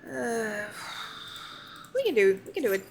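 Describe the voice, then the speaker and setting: Playful woman streamer, high voice. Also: sing-song, a little slow, vocal fry, noisy background. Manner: playful, self-deprecating. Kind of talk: casual gaming commentary.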